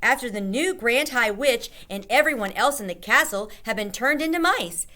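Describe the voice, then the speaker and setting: A woman's voice: on the high side, lively intonation, normal speed, pushed and bright, pitched above the performer's own voice. A woman voicing a bold, spirited old grandmother in a children's book read-aloud, emphatic and exclamatory. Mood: determined.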